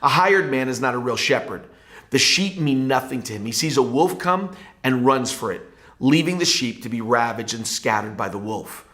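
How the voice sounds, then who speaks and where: A man's voice: medium pitch, a bit bright. A male pastor giving a devotional Bible teaching in an earnest, emphatic preaching manner.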